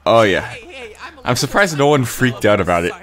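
A man giving rambling casual commentary on his own video, clearing his throat with a cold. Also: medium pitch, lively intonation, normal speed, a bit bright. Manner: rambling, frequent fillers and restarts. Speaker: creator giving episode commentary.

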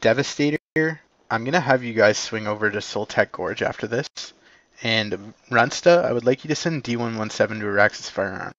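A man's voice: fairly low pitch, brisk, a bit bright, no echo. Man giving game orders over dull chat. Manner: hesitant, many ums and uhs. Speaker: commander.

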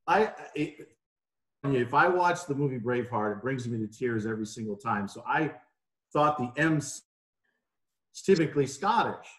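A man's voice: mid-range voice, lively intonation, moderate pace, a bit bright. Guest, man, 40s, from New York; easygoing anecdotal storyteller, echoey home room. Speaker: podcast guest. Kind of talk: casual interview chat.

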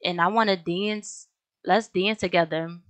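A woman's voice: fairly low pitch, steady tone, measured pace, a bit bright, no echo. A young woman casually commenting on her game as she plays, chatty and slangy, often talking straight to her viewers. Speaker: gaming video host.

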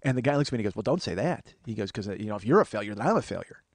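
A man's voice: on the low side, lively intonation, racing, no echo, clean studio sound. A man in his forties giving a rambling, profane, self-deprecating comic monologue as a podcast host. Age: 40s.

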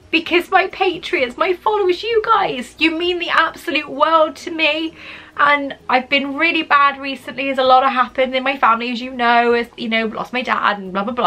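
A woman's voice: sits high, bright, forceful tone. A woman vlogger unboxing gifts in casual chat, gushing and emotional, often exclaiming with delight.

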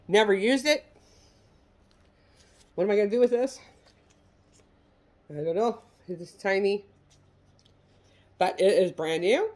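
A woman's voice: mid-range voice, a little mellow. A middle-aged woman from the United States chatting casually as she shows handbags for sale, folksy and self-deprecating. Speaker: online reseller showing handbags. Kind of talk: casual product show-and-tell.

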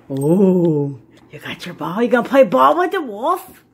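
A woman's voice: medium pitch, big pitch swings, slow, pauses often, husky. A woman filming her dog and talking to it in a playful, coaxing baby-talk voice, with frequent laughter. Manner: sing-song and coaxing, laughs often.

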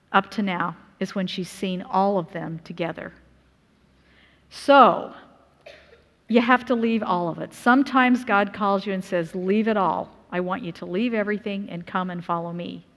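A middle-aged woman from Utah giving a personal testimony sermon at a conference, telling her story earnestly with lively quoted asides. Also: mid-range voice. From Utah, USA. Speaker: conference speaker. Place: church conference hall. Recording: reverberant hall.

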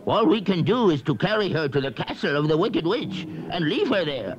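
A man's voice: fairly high pitch, big pitch swings, normal speed, voice pushed up. A man voicing the grave, dutiful leader of the winged monkeys on a vintage storybook record, with solemn, formal speech. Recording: dull lo-fi vintage record with hiss.

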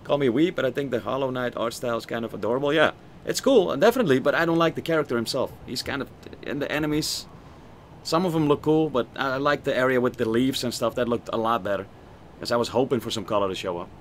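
A young man streaming a video game, swearing, joking and reacting loudly as he plays and reads the chat. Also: mid-range voice, fast, a little hiss or hum. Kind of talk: casual gaming stream commentary.

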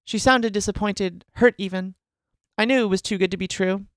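A woman in a casual editing session, reading a story aloud and thinking out loud about its flaws with many restarts and asides. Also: mid-range voice, moderate pace, dry recording. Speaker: story editor critiquing a submitted story.

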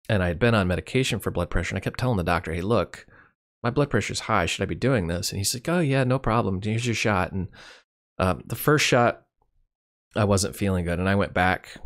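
A middle-aged man with a very low voice talks through his year in a loose, wry, rambling way, peppered with fillers. He sounds winded and worn out, pausing as if short of breath. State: winded, tired. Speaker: channel host. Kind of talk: casual personal year-in-review.

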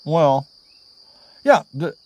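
A male storyteller spinning a long travel yarn at an unhurried pace. His pitch swings lively up and down as he rambles through fillers and side remarks. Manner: meandering, full of fillers and asides. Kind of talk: casual spoken storytelling.

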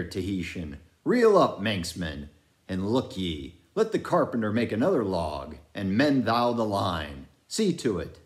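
A man voicing an obsessed old sea captain who speaks in archaic, declamatory sentences. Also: lowish voice. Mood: commanding.

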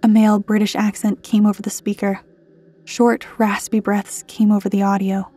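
A woman reads a scripted horror story in a measured, even way. Her voice is mellow and warm, with a husky edge. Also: mid-range voice.

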